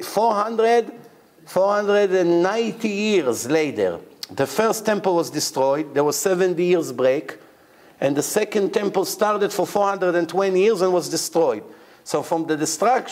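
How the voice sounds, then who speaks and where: A man delivers a Talmud lesson in the animated manner of a rabbi telling a story. His voice sits a touch high, and he keeps pausing to explain terms and to ask his listeners rhetorical questions. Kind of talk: Talmud lecture.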